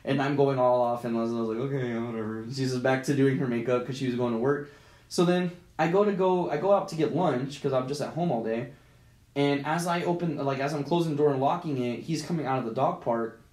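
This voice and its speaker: Podcast co-host, a man, middle-pitched, spins a profane anecdote in an echoey room. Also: fairly quick. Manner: profane, animated retelling with acted-out quotes. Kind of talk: casual chat, storytelling. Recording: roomy echo.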